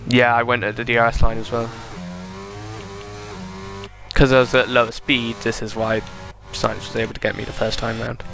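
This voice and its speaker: A man's voice: mid-range voice, completely flat delivery, moderate pace, creaky, long pauses, a bit bright, slight background noise. A young man giving casual, chatty commentary over a racing game replay, thinking aloud and correcting himself. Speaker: gaming video creator.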